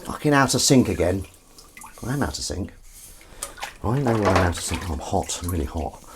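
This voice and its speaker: A man with a lowish voice rambles cheerfully through a comedy livestream, mocking himself and answering viewers. His delivery swings up and down a lot. Faint clatter of plates and running water sits behind him at a kitchen sink. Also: big pitch swings, fairly quick, slight background noise. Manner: rambling, self-mocking, reads out viewer comments. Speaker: comedian hosting a washing-up livestream. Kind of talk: casual chatty livestream banter. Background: clinking dishes and running water.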